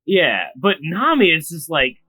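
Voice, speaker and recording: A man co-hosting a podcast in casual chat, mostly chiming in with short reactions and quick jokes. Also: a little high, sing-song, pushed and bright, no room sound. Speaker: podcast co-host.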